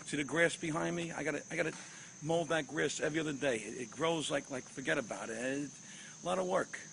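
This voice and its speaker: A middle-aged New man complains his way through his own house and yard in a comic rant. His voice is high and gravelly, with a bright, forceful edge. He stammers, restarts and gets more and more exasperated. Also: brisk, slight background noise. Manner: exasperated griping, stammering restarts, grows louder. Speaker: comedian. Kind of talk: comedic rant while touring his home.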